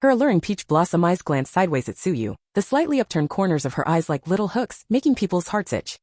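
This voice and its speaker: A woman's voice: lowish voice, very animated, fast, a little mellow, no echo, clean studio sound. A woman narrating a romance novel in a scripted storytelling manner.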